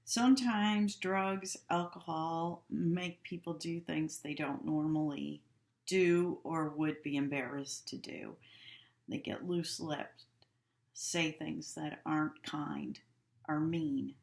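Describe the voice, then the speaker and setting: A woman giving a practical instructional lecture on handling upset patients, calm and practical in manner. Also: deep voice, slow pace, creaky. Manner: calm, practical, acts out example dialogues. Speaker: healthcare instructor. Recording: echoey room.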